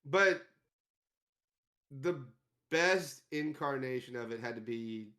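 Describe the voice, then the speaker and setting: A man casually chatting about movies on a podcast, animated, swearing freely and laughing a lot. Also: medium pitch, takes it slowly. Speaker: podcast co-host.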